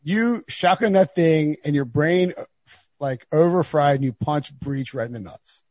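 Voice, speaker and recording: A man hosts a casual sports podcast, rambling and laughing through stories with his friends. His voice is fairly high with a darkish tone, his pace is moderate, and there's no echo.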